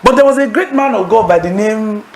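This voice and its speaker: A man preaching at a Bible study class in a high voice with a gravelly edge. He tells his stories with lively energy, acts out bursts of laughter and throws leading questions at his listeners. A faint hiss sits under the recording. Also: a little fast, poor audio. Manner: animated storytelling, acting out laughter; asks the audience leading questions. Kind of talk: sermon-style teaching to a congregation.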